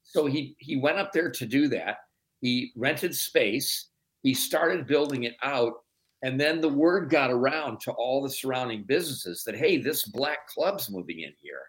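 Male interview guest, mid pitch, steady storyteller. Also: rough recording. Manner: measured, storytelling explanations. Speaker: documentary producer guest. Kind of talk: radio interview answer.

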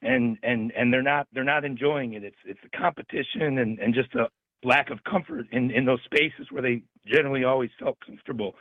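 Male radio caller, hoarse worn voice, phone-line sound. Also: medium pitch, fairly quick, dry recording. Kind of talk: call-in comment on talk radio.

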